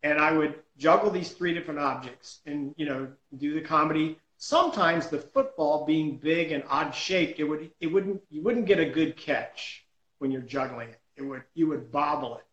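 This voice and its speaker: A man telling a story about his juggling days in a lively, self-deprecating way. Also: fairly high pitch, moderate pace, roomy sound, muffled recording. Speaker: juggler and comedy performer. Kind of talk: casual storytelling chat.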